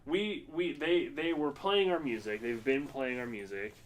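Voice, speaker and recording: A man's voice: medium pitch, a little slow. A man co-hosting a podcast in casual chat, telling stories in a rambling way with plenty of fillers and swearing. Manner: rambling, profane storytelling with lots of fillers. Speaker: podcast co-host.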